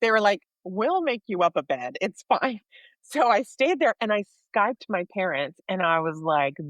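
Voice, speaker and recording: An American woman co-hosting a podcast, telling a personal story in a lively way and acting out the voices of people in it. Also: mid-range voice, normal speed, dry recording. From United States. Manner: animated storyteller, acts out dialogue. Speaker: podcast co-host sharing her faith story.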